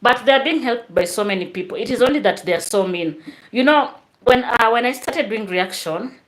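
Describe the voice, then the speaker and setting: A woman hosts a live stream, reading out viewer comments and chatting straight to her viewers. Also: medium pitch.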